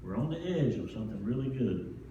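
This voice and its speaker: A man's voice: mid-range voice, expressive, a little fast, background noise. A man preaching a sermon as pastor, in a folksy, conversational way with homespun asides. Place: church sanctuary. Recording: distant, echoey church sanctuary, dull sound.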